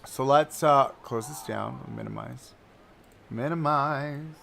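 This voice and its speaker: A man live-streaming a park-building game, chatting and thinking aloud as he browses and places items, swinging between excited outbursts and low mutters. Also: moderate pace, slight background noise. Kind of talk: casual live-stream commentary while building.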